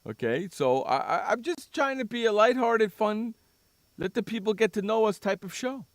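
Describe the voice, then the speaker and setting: A man's voice: high-pitched, expressive, moderate pace, no echo. A man hosting a sports radio show in casual chat, teasing his co-host, joking and repeating himself. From San Diego.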